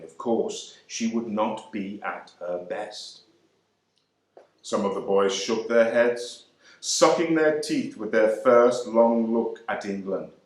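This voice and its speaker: A man's voice: medium pitch, close to an everyday voice. A man reading a dramatic monologue as a young ex-serviceman, wry and speaking straight to the listener. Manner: wry, conversational address to the listener. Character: young male ex-serviceman, wry, proud, disillusioned. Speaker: actor reading a novel monologue. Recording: roomy echo.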